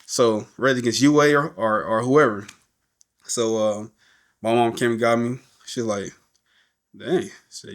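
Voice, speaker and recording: A man's voice: medium pitch, measured pace, pauses often. A middle-aged man, a podcast guest, telling a story in casual talk and acting out the voices of the people he quotes. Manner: animated, acts out quoted voices.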